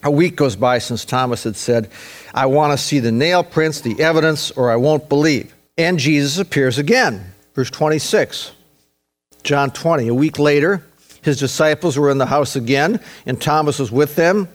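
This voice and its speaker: Pastor guy preaching hard, kinda high voice, slows way down on key words. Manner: emphatic preaching with slow stressed phrases and quoted dialogue. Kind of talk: sermon.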